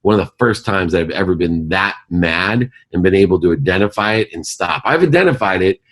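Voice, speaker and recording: Deep-voiced man giving earnest motivational talk. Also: lively intonation, a little fast, a bit bright. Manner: earnest, emphatic, preacher-like delivery. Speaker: guest, company CEO. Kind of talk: motivational storytelling in a podcast interview.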